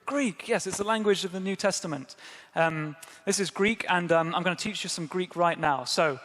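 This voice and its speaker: A man's voice: high voice, fairly bright tone. Chatty male preacher in a reverberant hall. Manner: conversational, self-deprecating, engages the congregation. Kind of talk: sermon. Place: church service.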